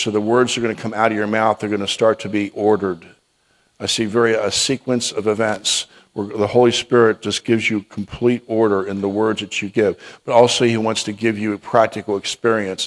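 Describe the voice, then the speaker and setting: A man's voice: on the low side, level tone, a little fast. A man preaching and telling testimony stories, then giving a prophetic word, with frequent restarts and repeated "okay?".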